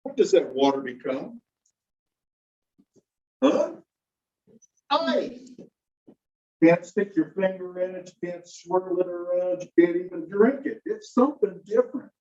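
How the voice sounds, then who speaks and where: A man lectures a class with long pauses, speaking a little slowly in a high, expressive, somewhat mellow voice as he explains ideas step by step and questions his students. It's a distant, dull room recording.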